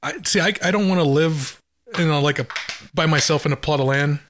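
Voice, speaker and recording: A fairly high-voiced man from Wyoming rambles through loose podcast talk. He laughs often and trails off between thoughts. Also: a little fast, a bit bright, slight background noise. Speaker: podcast co-host. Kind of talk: casual podcast chat.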